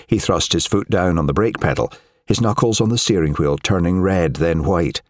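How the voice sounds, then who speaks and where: A man narrating an audiobook in a measured, expressive storytelling manner. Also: low voice, no room sound, studio quality. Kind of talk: scripted narration.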